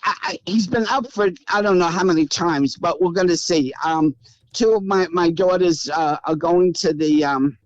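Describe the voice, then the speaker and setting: A woman's voice: lowish voice, moderate pace, no room sound, dull audio. Brassy Brooklyn woman in her eighties. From Brooklyn, New York. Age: 80s. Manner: brassy, wisecracking and blunt. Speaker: guest. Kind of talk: casual phone interview. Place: her house. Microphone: remote call.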